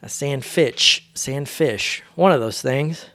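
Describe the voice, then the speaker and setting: A man's voice: medium pitch, slow, a bit bright. A man hosting a solo podcast, talking in a rambling, laid-back, slangy way. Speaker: podcast host. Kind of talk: casual solo monologue.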